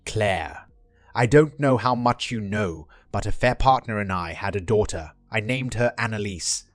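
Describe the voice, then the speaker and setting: A man's voice: on the low side, a little slow, dry recording, faint music behind, close to an everyday voice. A man voicing a desperate young woman, the narrator's ex, pleading to be taken back. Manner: earnest, begging.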